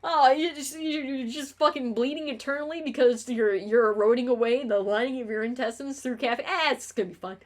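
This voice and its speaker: A young woman streamer talks casually on a livestream in a high-pitched voice, a little fast with few pauses. She rambles between tangents, swears often, and stumbles over her words, calling herself a clutterer.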